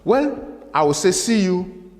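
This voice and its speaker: A man teaching a language lesson, repeating each word slowly and asking listeners to say it after him. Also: sits high, big pitch swings, darkish tone, in a large hall. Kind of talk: slow classroom lesson with repetition drills.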